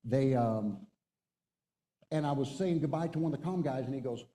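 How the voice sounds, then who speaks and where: Dark-voiced retired Marine colonel speaking. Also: male voice, mid-range voice, normal speed, long pauses, in a large hall, low-quality recording. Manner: storytelling, emphatic, exhorting. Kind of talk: motivational talk to a men's group. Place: stage before an audience.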